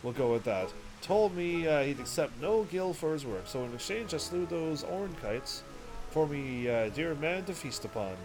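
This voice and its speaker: A man voicing a sheepish goblin hunter who speaks in halting, broken phrases and stumbles over words. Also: a little high, animated, over music, poor audio.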